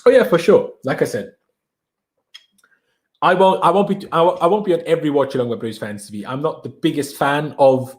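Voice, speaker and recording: A young man from Austria, whose first language is German, chats casually on a live stream, energetic and slangy as he hypes his viewers. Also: fairly high pitch, brisk. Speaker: livestream host.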